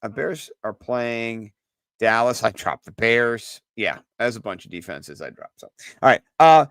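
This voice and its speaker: An excitable man co-hosting a sports podcast, rambling through his picks with plenty of fillers and the odd curse. His voice sits at an ordinary pitch. It is recorded close and dry, with no room sound. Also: measured pace, dry recording. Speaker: podcast co-host. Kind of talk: casual sports chat.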